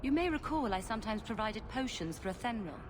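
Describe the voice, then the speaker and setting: An actress playing a poised, married noblewoman who deals in potions in a video game, speaking smoothly and with coy politeness. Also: a little high, lively intonation, a little fast, natural voice. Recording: noisy game audio.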